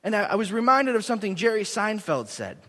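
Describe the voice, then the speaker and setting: A young man preaching a sermon in a church, earnest and animated, poking fun at himself. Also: high voice, fast talker. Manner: earnest, animated, self-deprecating. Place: church sanctuary. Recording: long echo of a large hall.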